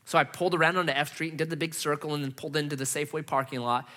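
A middle-aged pastor preaches from a church stage, telling personal stories in an animated, self-mocking way and acting out his own reactions. His voice is fairly high, and he speaks rapid-fire.

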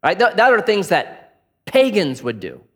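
Male pastor, middle-aged, sermon, high voice, swoops all over the place, storyteller. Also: unhurried. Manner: animated storyteller, acts out voices in anecdotes.

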